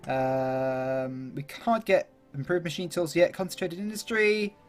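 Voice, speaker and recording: A man with a slightly high voice talks his way through a strategy game. He thinks aloud, fills gaps with ums and uhs, and jokes at his own expense. Faint music plays softly behind him. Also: a little slow. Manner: chatty, laughs at himself, thinks aloud with many fillers. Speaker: gaming YouTuber. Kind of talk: casual gameplay commentary.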